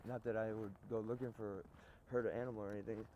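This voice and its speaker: Guy rambling outside in the snow, kinda low voice, lots of wind and noise behind him. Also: little pitch movement, fast, highs cut off. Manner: repetitive, swears oaths, restarts often. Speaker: vlogger. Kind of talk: rambling storytelling. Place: outdoors in snow.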